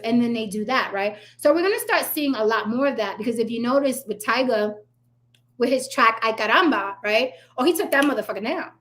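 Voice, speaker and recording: A woman's voice: fairly high pitch, expressive, brisk, a bit bright. Blunt, profane woman ranting to viewers. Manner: blunt, profane, sarcastic, talks straight to viewers. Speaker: commentary channel host. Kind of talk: casual ranting commentary.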